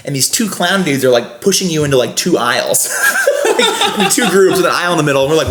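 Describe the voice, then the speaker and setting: Young man, quick storyteller, animated, roomy echoey sound. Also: on the high side, slight background noise. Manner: animated, acts out voices, many fillers. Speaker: guest, scare actor. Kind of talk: casual podcast storytelling. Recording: roomy echo.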